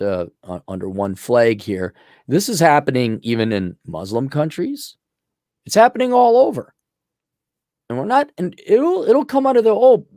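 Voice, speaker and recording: A middle-aged man holds forth in a loose, sarcastic monologue, often sliding into mocking voices. His pitch leaps and dips all over. The sound is dry and close, with no room around it. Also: a little mellow, no echo. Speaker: podcast host. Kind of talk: casual opinion monologue.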